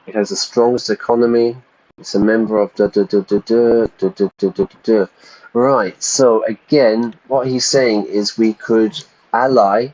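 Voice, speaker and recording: A man's voice: fairly low pitch, darkish tone, dull audio. Chatty man reading a game aloud. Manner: chatty, stops to explain vocabulary; stumbles over repeated words. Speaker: English teacher streaming a game. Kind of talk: reading game text aloud and explaining words.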